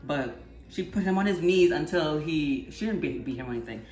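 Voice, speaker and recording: A Trinidadian woman in her twenties telling stories and chatting casually while she cooks, going quiet for cooking asides. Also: deep voice, animated, a little fast, echoey room. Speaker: channel host cooking. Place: home kitchen.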